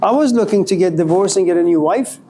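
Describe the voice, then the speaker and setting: A college lecturer with a mellow voice talks fast and animatedly in a classroom lecture, dramatically acting out scenes and jumping his pitch up whenever he plays anger. There's slight background noise.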